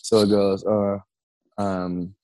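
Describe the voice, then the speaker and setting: A musician guest in a casual interview, talking in an animated, slangy way and laughing often. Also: male voice, lowish voice, slow pace, dry recording.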